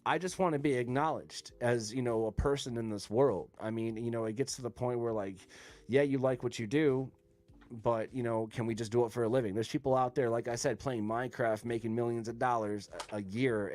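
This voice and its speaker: A man's voice: mid-range voice, steady tone, brisk, a little mellow. A man hosting a podcast, talking in a blunt, rambling, profane way. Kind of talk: casual chat.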